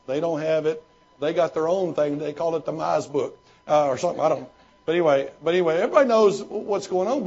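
A man's voice: a little high, a little mellow. A man, a pastor and former missionary, answering questions in folksy storytelling with many restarts. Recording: dull lo-fi recording.

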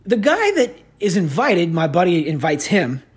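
A man hosting a podcast, telling stories in a sarcastic, animated rant. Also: sits high, normal speed, husky. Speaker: podcast host. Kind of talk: casual ranting commentary.

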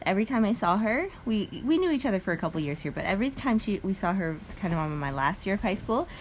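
Here is a young woman co-hosting a podcast and chatting casually. Her pitch is middling, and her voice rises and falls a lot as she tells stories in an animated, laughing way. There is a faint hum of room noise behind her. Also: fast talker. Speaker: podcast co-host. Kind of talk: casual chat.

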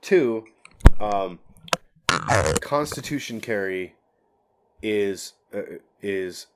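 A man's voice: fairly low pitch, expressive, drawn-out words, smooth. A man telling war stories in a casual podcast chat, rambling, swearing a lot and getting fired up. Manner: gets fired up. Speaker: military veteran guest.

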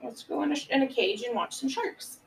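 Animated high-voiced woman podcaster, giggly. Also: fairly quick, gravelly, far from the mic, a little hiss or hum, rough recording. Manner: animated, acts out characters in loud high voices, laughs often. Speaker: podcast host retelling a film. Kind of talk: casual chat.

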